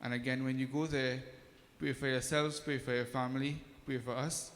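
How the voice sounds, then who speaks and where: A man's voice: medium pitch, flat delivery, moderate pace, a bit bright. A man, a pandit speaking informally and hesitantly to a temple congregation. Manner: hesitant, many ums, friendly. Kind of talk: informal talk at a temple service. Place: temple hall. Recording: reverberant temple hall.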